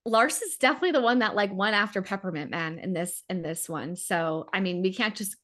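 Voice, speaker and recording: A woman's voice: mid-range voice, a little fast, a bit bright. A woman in a mid-range voice talks casually through a reality-show recap. She leans on fillers and pushes her points with emphasis. The delivery is conversational and a little meandering. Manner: emphatic, lots of "like", defends players. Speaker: podcast co-host.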